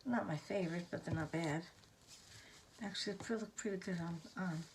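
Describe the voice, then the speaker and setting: A woman hosting a casual craft tutorial, gushing over her finished pieces with soft exclamations. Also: on the low side, normal speed, slight background noise.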